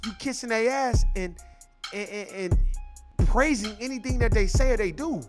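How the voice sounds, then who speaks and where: A man's voice: extremely high pitch, moderate pace. A man hosting a vlog, ranting in heated, profane commentary with a sing-song delivery. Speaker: vlogger, show host. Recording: hip hop music playing behind. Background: hip hop music.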